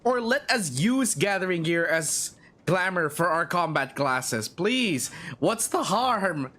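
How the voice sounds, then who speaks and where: A young man streams a game and chats in a playful, animated way. His voice sits high for a man. It swings widely as he riffs. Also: slow pace. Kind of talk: live game commentary and dialogue reading.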